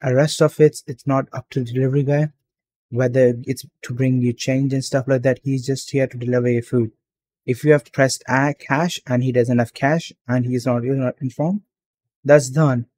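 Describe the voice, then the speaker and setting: A man's voice: mid-range voice, fairly even intonation, normal speed, mellow. A young man ranting profanely and with exasperation while commenting on a reaction video.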